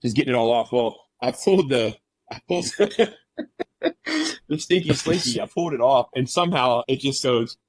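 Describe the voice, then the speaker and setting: A man's voice: medium pitch, moderate pace, pauses often, no echo. A man in his thirties chatting casually on a podcast, telling a funny story with lots of laughter. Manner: animated storyteller, laughing often. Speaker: podcast guest. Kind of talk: casual chat.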